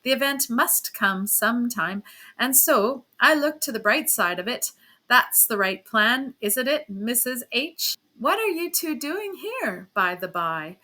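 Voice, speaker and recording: Brief: woman reader as a hearty, teasing gentleman husband, brash and bright-toned. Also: on the high side, animated, takes it slowly, exaggerated voice. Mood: boisterous. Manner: loud, teasing, boastful.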